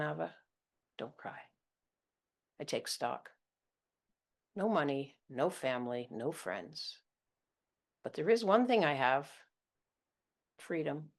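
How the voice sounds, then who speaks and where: A woman reading her own first-person story aloud. Her narration is intimate and confessional, blunt about what happened. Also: deep voice.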